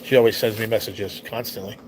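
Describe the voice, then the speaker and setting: A man's voice: on the low side, steady tone, fast talker, background noise. Rambling, profane male livestream host. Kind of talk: casual storytelling to a live chat.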